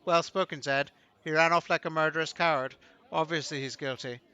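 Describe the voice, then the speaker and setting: A man's voice: a little high, steady tone, a little fast, pushed and bright, clear, resonant tone, highs cut off. A man voicing a smug, scheming male prosecutor in a video game, pompous and sneering.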